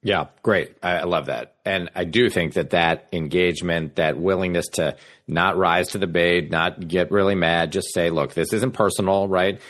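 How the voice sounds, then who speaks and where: Low-voiced male podcast host. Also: steady tone, a bit bright. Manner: halting, restarts mid-sentence. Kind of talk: conversational interview.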